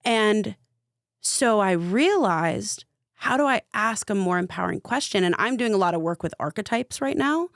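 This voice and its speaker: Guesting on a podcast, this young adult spiritual coach speaks in a mid-range, animated voice at a moderate pace. She retells a personal story vividly and casually, peppering it with "like." The audio is clean studio quality without echo.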